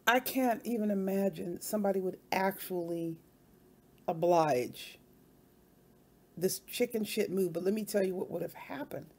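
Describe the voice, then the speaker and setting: A woman's voice: medium pitch, measured pace, dark tone, slightly rough. A woman hosting her own channel, talking over clips in a combative, mocking commentary. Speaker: channel host.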